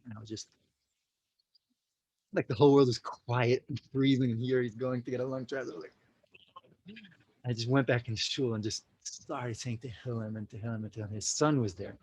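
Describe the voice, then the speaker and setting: A man's voice: medium pitch, darkish tone, breathy edge, low-quality recording. A man from the United States, a podcast guest, telling a story casually and animatedly. He acts out quotes, fills his talk with "like" and "you know", and mixes in Yiddish and Hebrew religious terms. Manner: peppers speech with "like" and "you know".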